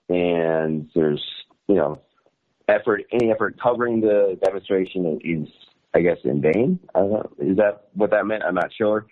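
A man telling a story as a journalist guest, rambling with fillers and laughs. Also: low voice. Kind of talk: casual storytelling on a call-in show. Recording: tinny phone line.

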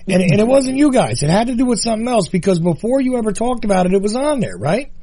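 A man's voice: high voice, very animated, fast, warm tone, breathy edge. A host chatting casually and reasoning things out aloud, questioning his guests. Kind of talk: casual chat.

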